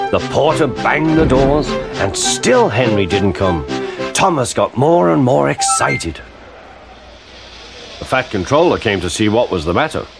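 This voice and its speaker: A man telling a children's story aloud with animated delivery. His pitch roams freely while he narrates. Clear music plays beneath his voice. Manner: expressive, animated. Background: background music.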